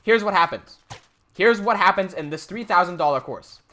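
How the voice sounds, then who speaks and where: A man with a high, sharp voice hosts a livestream and tells a story casually at normal speed. He is emphatic and indignant, and his voice rises when he gets outraged.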